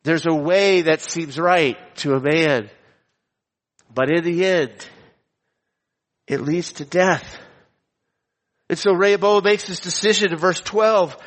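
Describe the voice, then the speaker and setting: Male preacher, a bit high-pitched, emphatic and repetitive, recorded with a long hall echo. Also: fairly bright tone. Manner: emphatic, repeats key phrases, slows down for stress. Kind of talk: expository sermon with scripture reading. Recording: long reverb of a large hall.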